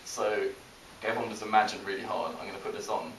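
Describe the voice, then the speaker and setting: A young British man doing a stand-up comedy set, self-deprecating, with halting delivery full of restarts. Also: fairly low pitch, fairly even intonation, a bit bright. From Britain. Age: young adult. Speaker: stand-up comic. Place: college comedy show with a live audience. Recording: echoey, distant, hissy live recording.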